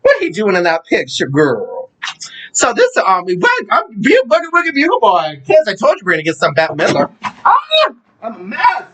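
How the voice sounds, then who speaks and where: A man's voice: high voice, huge pitch swings, a little fast, fairly bright tone, poor audio. A man hosting an Instagram live stream as a campy, theatrical drag persona, who calls his viewers honey and darling and sometimes slips into a put-on Southern accent. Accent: put-on Southern accent at times. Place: home in New York. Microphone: phone or webcam for an Instagram live stream.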